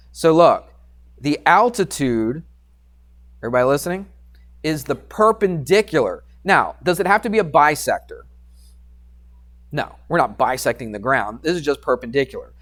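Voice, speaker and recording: A man's voice: a little high, fairly bright tone. A male math teacher giving a casual classroom geometry lesson, joking about himself and constantly asking the students questions. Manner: casual, self-deprecating, keeps quizzing the class.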